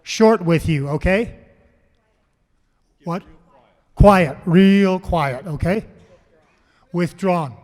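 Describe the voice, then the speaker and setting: A man speaks to a conference crowd in a high, bright voice. He tells stories and draws answers from the audience, repeating them back. His voice rings out with a long hall reverb. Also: drawn-out words, long pauses. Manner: storytelling, asks the crowd questions and repeats their answers. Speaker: panel speaker on farm mental health. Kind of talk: public talk to a live audience.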